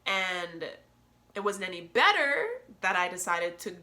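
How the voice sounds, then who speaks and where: Young female podcast host, bright tone, earnest and preachy, laughs a lot. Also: lowish voice, animated, a little slow. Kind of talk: candid solo podcast talk.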